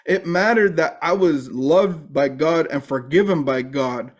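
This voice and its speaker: A middle-aged man giving a personal recovery testimony, halting and full of restarts and fillers. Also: fairly high pitch. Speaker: recovery speaker.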